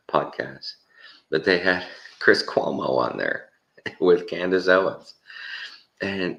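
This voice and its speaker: A man with a Texan accent and an extremely deep, low voice talks through a casual opinion monologue. He rambles and chuckles, and he repeats words to hammer a point home. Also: fairly bright tone, muffled recording. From Texas. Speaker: commentary host.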